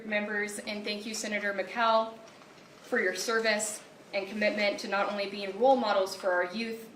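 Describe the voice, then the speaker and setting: A woman's voice: mid-range voice, a bit bright, slight background noise. Firm urgent woman in an echoey hall. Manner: firm, urgent, with measured emphasis. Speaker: advocate testifying at a hearing. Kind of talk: prepared public testimony. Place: large legislative hearing room. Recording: echoey room, far from the mic.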